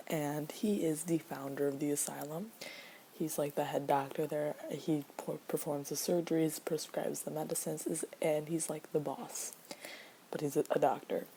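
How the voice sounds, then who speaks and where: A woman's voice: low voice, gravelly, dark tone, a little hiss or hum. A woman casually explaining a casting call to voice actors, rambling with many fillers and often dropping to a near-whisper.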